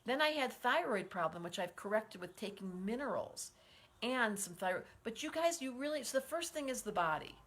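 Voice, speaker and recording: A woman in her sixties hosts a live stream as an astrologer, her slightly high voice swinging widely in pitch at a moderate pace with a somewhat bright tone. Effusive and encouraging, she reads viewer comments aloud and leads the audience in group breathing. It's captured on a livestream setup.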